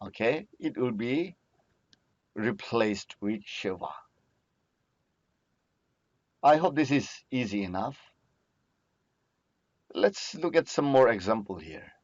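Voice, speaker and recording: A man's voice: mid-range voice, lively intonation, no room sound. A man teaching a recorded lesson, patiently asking questions and answering them himself. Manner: slow, patient, asks and answers own questions. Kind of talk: recorded lecture. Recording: dry, muffled lo-fi voice recording.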